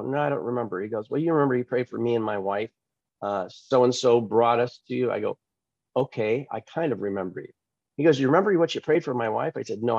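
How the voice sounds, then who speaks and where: A man, a pastor and author, telling a testimony in an interview, acting out the quoted dialogue with lively changes of voice. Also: mid-range voice, dry recording, dull audio. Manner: animated, acts out quoted dialogue.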